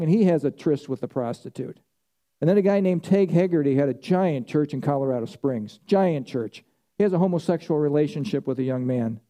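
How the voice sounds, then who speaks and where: A man's voice: fairly high pitch, mellow. A man preaching a sermon in an emphatic style, often repeating his key phrases for weight. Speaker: pastor.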